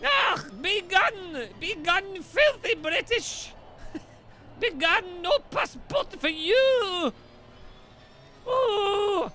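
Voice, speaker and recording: A man's voice: extremely high pitch, pushed and bright, pitched above the performer's own voice, full character voice. A man voicing a scornful mock-Scottish man who bellows, drawn out and exaggerated.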